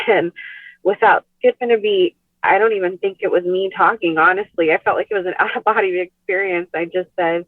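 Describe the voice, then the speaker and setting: Soft-spoken woman on a tinny phone line. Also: mid-range voice, fairly even intonation, a little fast, dry recording. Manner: soft-spoken, many "like" and "you know" fillers. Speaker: podcast guest. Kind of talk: emotional personal storytelling.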